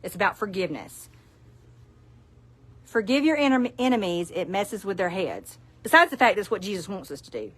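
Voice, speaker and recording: This is a middle-aged woman from South Alabama with a Southern accent, hosting a relaxed live sales stream. She chats to her viewers in a folksy way, with frequent laughs and asides. Her voice sits at an ordinary middle pitch. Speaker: store owner presenting products.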